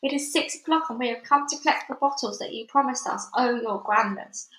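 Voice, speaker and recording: A woman voicing a group of meek, timid old witches who speak slowly and hesitantly, heard in an echoey room. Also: a little high, a bit bright, slight background noise, close to an everyday voice.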